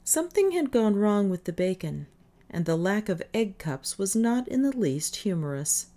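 A woman reading a first-person novel aloud in measured audiobook narration. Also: mid-range voice, very animated, dark tone. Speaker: audiobook reader. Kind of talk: scripted narration.

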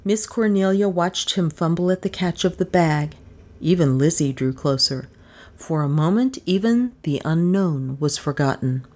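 Woman narrator, audiobook, low voice, measured and even.

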